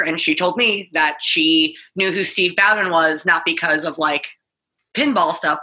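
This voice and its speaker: A woman with a low-pitched but strikingly bright voice chats on a roundtable panel. She rambles casually, leaning on fillers and restarting her sentences. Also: low-quality recording. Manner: rambling, many fillers like "like" and "you know".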